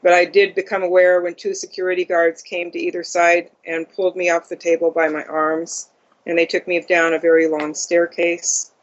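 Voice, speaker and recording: An interview guest giving a first-person account in a halting way, with many ums and uhs. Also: mid-range voice, completely flat delivery. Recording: dull lo-fi audio.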